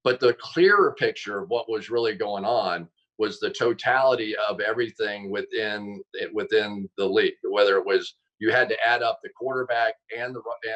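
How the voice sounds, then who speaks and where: His voice a bit bright, this football analyst guest on a sports talk show spins casual stories and performs quotes with abrupt leaps in pitch. The audio sounds dull.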